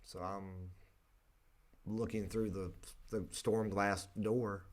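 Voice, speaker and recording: A young man with a North Carolina accent, a real estate agent telling a personal story in an earnest, halting way. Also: lowish voice, flat delivery. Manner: earnest, emotional, halting with frequent restarts.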